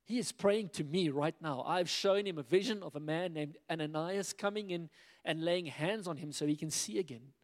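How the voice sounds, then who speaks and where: Animated male preacher in a reverberant hall. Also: on the high side, moderate pace. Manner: animated, acts out biblical dialogue in quoted voices. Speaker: pastor. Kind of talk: sermon.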